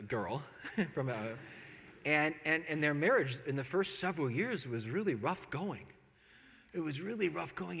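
A man giving a sermon, telling stories in an animated way and acting out the voices of the people in them. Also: sits high, in a large hall. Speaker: preacher.

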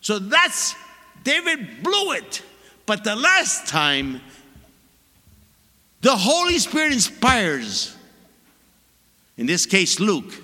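A Catholic priest in his sixties giving a sermon, an expressive storyteller who stresses his points by repeating them. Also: very high voice. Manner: animated, expressive storyteller with laughs and emphatic repetition. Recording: long reverb of a large hall.

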